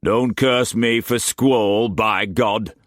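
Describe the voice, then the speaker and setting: A hard, pockmarked first mate, as a male narrator plays him, answering bluntly in rough sailor's dialect. The voice sits raised above the narrator's own. It sounds close and dry. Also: fairly low pitch, fairly even intonation, slow pace, no room sound, voice pushed up. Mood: steady.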